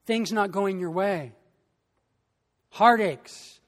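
A pastor preaching a sermon in a slow, emphatic way, with long pauses between phrases. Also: medium pitch, long reverb tail.

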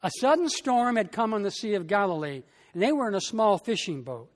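A pastor preaching a sermon in a slow, emphatic way, with long pauses between phrases. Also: mid-range voice, animated, in a large hall.

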